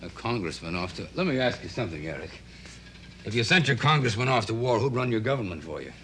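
A blunt, skeptical middle-aged father in a 1960s TV drama. His voice is low yet bright and expressive, and he cuts in with pointed questions. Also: fast, a little hiss or hum.

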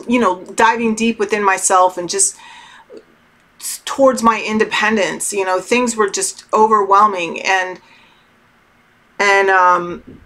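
Candid, unhurried middle-aged woman. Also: mid-range voice, steady tone, fairly bright tone. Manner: candid, loose and swears freely; slow, meandering talk with many fillers. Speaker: tarot channel host. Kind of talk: casual spiritual advice to viewers.

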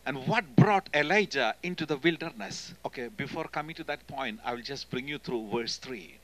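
A man with an Indian accent preaching a sermon in church as a guest speaker, emphatic and swinging between loud and hushed delivery. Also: medium pitch, lively intonation, normal speed, low-quality recording. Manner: emphatic, often calling "hello?" to the congregation.

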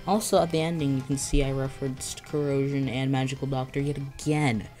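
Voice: medium pitch, steady tone, brisk, a little mellow, soft background music. A video creator chatting casually about their own videos, rambling and giddy with frequent restarts and laughs, while having a headache. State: has a headache. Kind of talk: casual vlog commentary.

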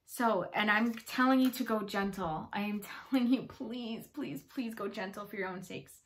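A woman's voice: mid-range voice, moderate pace, a bit bright. A woman giving a casual tarot reading, chatty and bubbly, rambling with fillers and playful asides. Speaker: tarot reader.

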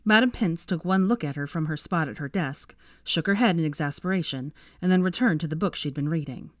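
A woman narrating a fan fiction story in an expressive, measured reading. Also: low voice, dry recording, studio quality. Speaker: fanfiction reader.

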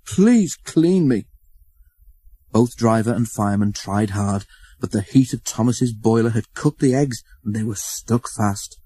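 A man reading a children's storybook aloud, expressive and acting out the story. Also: on the low side, moderate pace, slightly rough. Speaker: narrator.

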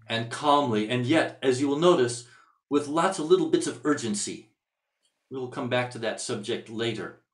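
A man of middle pitch leads a music workshop, explaining technique in a thoughtful, searching manner. He sounds like he is addressing a class, and the recording carries a noticeable roomy echo. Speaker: music teacher. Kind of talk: instructional workshop lecture. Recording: echoey room sound.

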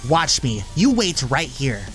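Man doing a rude young neighbor, low and dismissive, game voiceover, lively delivery. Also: measured pace, faint music behind. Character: rude young man playing loud music.

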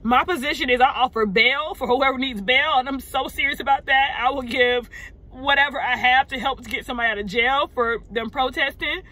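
A woman talks straight to her viewers from a parked car, upset and searching for words. Her voice is bright and forceful. She stops mid-phrase, repeats herself and lets out heavy sighs. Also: sits high. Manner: halting, sighing, repeating words. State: upset and shaken. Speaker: vlogger. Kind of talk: unscripted emotional vent to camera. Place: parked car in a parking lot.

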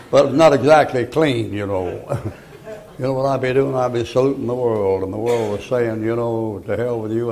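An older preacher with a drawl delivers a sermon in a gravelly, creaky voice. He tells homely stories, then breaks into loud, emphatic preaching. His pitch sits in the middle range for a man. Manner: folksy storytelling with sudden loud preaching bursts.

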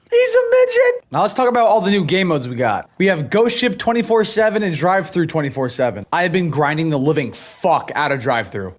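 A young man giving casual, crude, jokey commentary over his gameplay, yelping and shouting as he plays. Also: a little high. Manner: loud, excitable, crude, jokey, yelps and shouts. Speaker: gaming video creator. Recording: game gunfire loud behind voice. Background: loud game gunfire.

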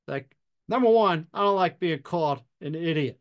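A man hosting a podcast, telling a fire service story in a measured, deliberate way with pauses. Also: a little high, big pitch swings. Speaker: podcast host and fire officer instructor. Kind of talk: storytelling anecdote.

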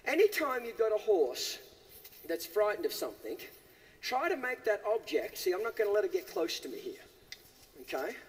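High-voiced man teaching horse handling. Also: very animated, moderate pace, in a large hall. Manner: asks the audience questions, keeps saying okay. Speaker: horse trainer. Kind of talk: live teaching demonstration. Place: horse arena.

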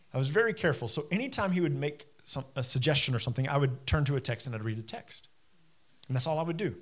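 A pastor in his thirties giving a sermon, telling personal stories in a conversational way and dropping to a quiet low voice. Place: church auditorium.

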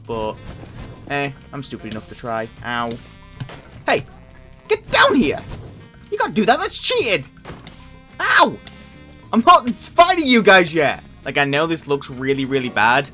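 A man giving casual gameplay commentary as a YouTuber, excitable and self-mocking, bursting into loud outbursts. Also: mid-range voice. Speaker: gaming YouTuber.

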